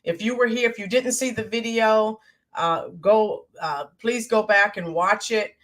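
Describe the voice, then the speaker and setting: Hoarse from yelling the previous day, a livestream host from the United States chats casually and unhurriedly with her viewers, welcoming them by name. She speaks at a medium pitch and fills her talk with many "ums."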